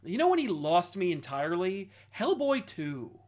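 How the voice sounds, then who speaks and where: A man co-hosting a casual podcast chat, animated and ranting, dropping into quick mock voices. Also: high voice. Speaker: podcast co-host.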